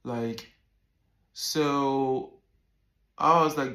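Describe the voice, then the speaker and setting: Animated man in his thirties, echoey room. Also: medium pitch, slow pace, pauses often. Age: 30s. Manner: animated, repeats words, swears freely. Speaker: vlogger. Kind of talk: casual storytelling to camera.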